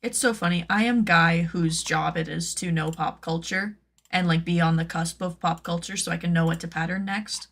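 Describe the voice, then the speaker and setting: A woman who makes cosplay patterns, chatting casually on her stream, rambling with lots of "like" and playful jumps into high silly tones. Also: fairly even intonation, normal speed, a bit bright.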